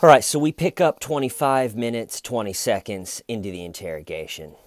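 Guy, kinda low voice, sarcastic true crime commentary, dry close sound. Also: big pitch swings, brisk, no room sound. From United States. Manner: sardonic, mocking, rambling with restarts. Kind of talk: casual video commentary.

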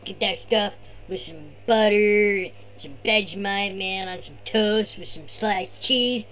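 A man's voice: sits high, fairly even intonation, slow, fairly bright tone. A man voicing his laid-back surfer-dude cousin, who drawls slacker talk and tags bruh and man onto every line.

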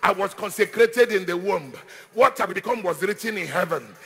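A man preaching a sermon as pastor, with call-and-response and repeated phrases that rise into shouted declarations. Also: high-pitched, moderate pace, gravelly, husky, in a large hall.

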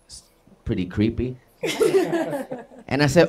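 A man's voice: medium pitch, expressive, unhurried, a little mellow, a little hiss or hum. A man officiating a wedding ceremony, reading scripture and telling a chatty, laughing story about the couple. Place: outdoor wedding venue.

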